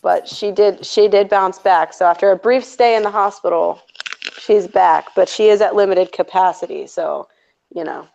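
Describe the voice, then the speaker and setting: A woman's voice: medium pitch, normal speed, creaky, darkish tone. A woman hosting a stream in casual chat, sarcastic and chatty, laughing often. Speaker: stream host. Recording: dull lo-fi audio.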